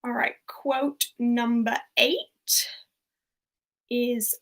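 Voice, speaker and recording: A young woman runs a quiz over a livestream in a relaxed, talkative way, with a slightly high voice. She laughs easily between questions and reads each one out twice so everyone can follow. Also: very slow, gravelly, rough recording. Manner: chatty, laughs often, reads out and repeats quotes. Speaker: quiz host. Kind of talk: casual livestream quiz hosting.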